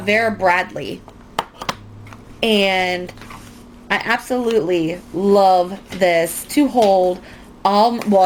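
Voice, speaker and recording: A woman's voice: mid-range voice, slight background noise. A young woman chatting casually through a makeup tutorial at home, rambling and self-mocking. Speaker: beauty vlogger.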